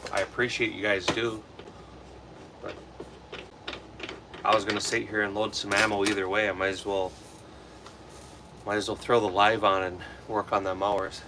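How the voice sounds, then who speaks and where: Young Wisconsin guy, low voice, rambling livestreamer talk, steady background noise. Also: moderate pace, pauses often. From Wisconsin, USA. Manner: relaxed, rambling, answers chat comments. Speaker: livestream host. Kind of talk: casual livestream chat while reloading ammo.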